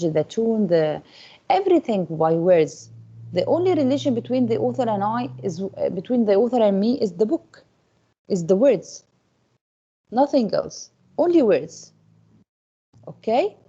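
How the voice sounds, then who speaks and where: A woman teacher speaks to her class in a mellow, slightly husky voice. She keeps checking in with the students with a coaxing "Okay?". The recording is dull and lo-fi. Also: medium pitch. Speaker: English teacher.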